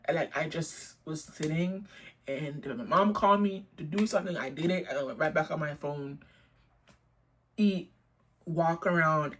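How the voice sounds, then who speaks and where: A woman's voice: on the low side, sharp tone, a little hiss or hum. Blunt, profane young woman. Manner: blunt, profane, indignant storytelling. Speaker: storytime vlogger. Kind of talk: storytime vlog.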